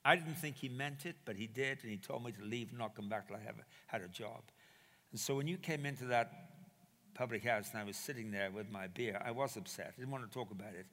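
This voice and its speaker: A man telling a personal story in a sermon, animated and acting out the quoted dialogue. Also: mid-range voice, fast. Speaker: preacher. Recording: reverberant hall.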